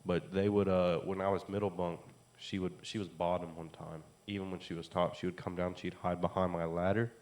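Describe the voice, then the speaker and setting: Halting man in casual chat. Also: sits low, flat delivery, darkish tone. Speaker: podcast co-host.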